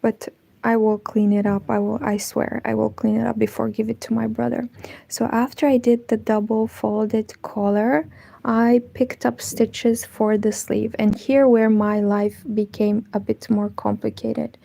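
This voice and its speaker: A woman hosting a casual knitting livestream from home, chatting with viewers in a soft, partly whispered voice. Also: fairly high pitch, level tone, unhurried, vocal fry, low-quality recording. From Moldova. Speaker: knitting channel host. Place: home, indoors.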